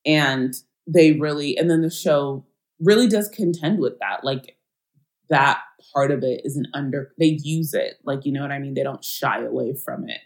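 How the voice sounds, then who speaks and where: A woman's voice: rumbling low, normal speed. A woman guest on a podcast, chatting casually and animatedly, laughing often and using slang. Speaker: guest writer and producer.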